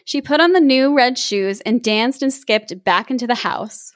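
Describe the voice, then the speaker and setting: A woman host reading a fairy tale aloud in an expressive, animated way. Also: fairly high pitch, normal speed, hardly any pauses, no echo, clean studio sound. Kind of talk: storybook reading with casual chat.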